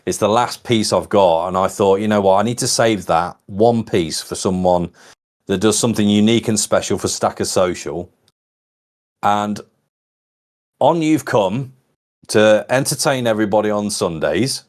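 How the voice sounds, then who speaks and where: A man's voice: lowish voice, normal speed. A man, co-founder and host, chatting casually and rambling with plenty of "you know". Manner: rambling, warm-hearted, lots of "you know". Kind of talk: casual livestream chat.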